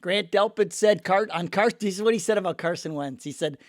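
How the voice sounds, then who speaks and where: A man's voice: high voice, a little fast, no room sound, studio quality. A middle-aged man hosting a sports show, a little sick, talking in a jokey, rambling way and laughing at himself. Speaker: sports podcast host. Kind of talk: casual sports chat.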